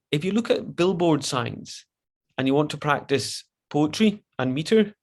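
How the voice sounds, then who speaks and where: A man's voice: mid-range voice, fairly bright tone. A man leading an online poetry workshop over a video call, chatty and encouraging, with frequent restarts.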